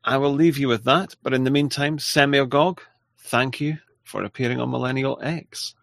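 A man hosts a casual livestream, reading out viewer messages. He talks in a halting, self-deprecating way, full of restarts. His voice sits at a middling pitch and sounds close and dry. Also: steady tone, creaky, fairly bright tone, no room sound. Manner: halting and apologetic, with frequent restarts and laughs. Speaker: livestream host.

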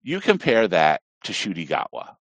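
A man's voice: sits low, normal speed, no echo. A man from Appalachia, chatting casually on a podcast and rambling off on tangents. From Southern Appalachia, US. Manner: rambling, digressive, animated. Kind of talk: casual conversation.

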